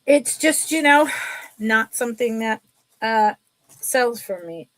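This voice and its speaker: A middle-aged woman chatting casually while selling jewelry on a live sale, telling stories in an animated way. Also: on the high side, takes it slowly, a little hiss or hum.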